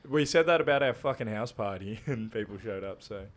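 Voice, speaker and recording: A man's voice: lowish voice, animated, brisk. A young Australian man co-hosting a podcast, joking and swearing freely in casual chat. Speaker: podcast co-host.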